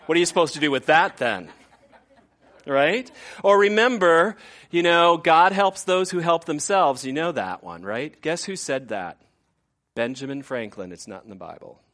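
Animated conversational male pastor. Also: mid-range voice, moderate pace. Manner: conversational, animated, acts out quoted voices. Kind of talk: sermon.

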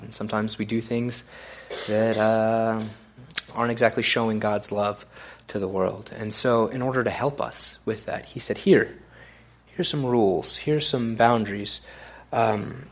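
A man preaching a conversational sermon in a relaxed way, often pausing with fillers and restarting his sentences. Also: medium pitch, breathy edge. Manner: casual, relaxed delivery with frequent fillers and restarts.

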